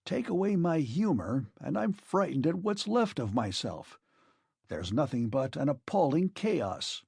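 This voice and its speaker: A man's voice: on the high side, sing-song, measured pace, vocal fry, dark tone, slightly rough, no echo, studio quality, heavily acted. A man reading an audiobook, voicing a witty, rueful doctor who speaks in a wry, pleading manner. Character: witty middle-aged male doctor, rueful.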